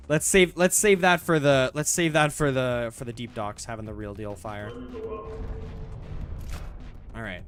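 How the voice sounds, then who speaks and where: A man's voice: medium pitch, steady tone, unhurried, long pauses, fairly bright tone, smooth, soft background music. A young man streaming a game, rambling casually with lots of swearing, restarts and "bro". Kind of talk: casual gameplay commentary.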